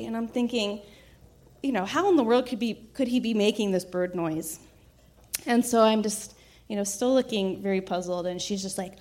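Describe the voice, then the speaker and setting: A woman telling a personal story in a casual, reflective way, with frequent fillers, restarts and soft laughs. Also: medium pitch, expressive, normal speed.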